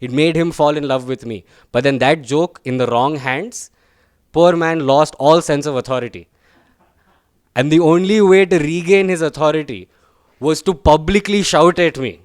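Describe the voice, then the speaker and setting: A man's voice: fairly high pitch, normal speed, no room sound, clean studio sound. A young man doing a chatty, self-deprecating stand-up set, tagging his lines with "right?" and "guys.". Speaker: stand-up comedian.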